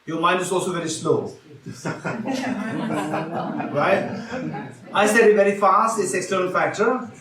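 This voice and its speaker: With long pauses and a measured pace, a high-voiced man gives an interactive Buddhist teaching, quizzing his audience and repeating core phrases. A crowd can be heard behind him, and the retreat hall audio sounds roomy and distant.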